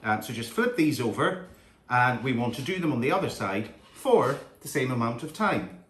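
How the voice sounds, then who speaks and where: A man's voice: mid-range voice, big pitch swings, normal speed, a bit bright. A man hosting a home cooking demonstration, talking chattily and admiring the food as he goes. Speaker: cooking show host. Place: home kitchen. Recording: echoey room with faint kitchen clatter.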